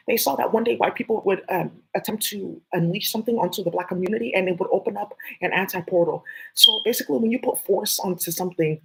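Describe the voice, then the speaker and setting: Gravelly, very husky vlogger rambling through a conspiratorial monologue, casual and full of fillers. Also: medium pitch, poor audio.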